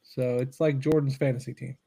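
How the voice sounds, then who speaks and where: A man's voice: medium pitch, flat delivery, brisk, creaky, warm tone, slightly rough. A man co-hosting a sports podcast, joking and teasing in a laid-back chat. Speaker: podcast co-host.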